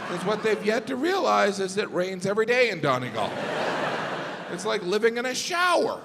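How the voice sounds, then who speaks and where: Animated stand-up comic man in echoing theater. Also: sits high, moderate pace, creaky. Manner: animated storytelling, acting out both sides of conversations. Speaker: stand-up comedian. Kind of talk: stand-up comedy set. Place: large theater stage. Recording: live theater with long reverb and audience noise.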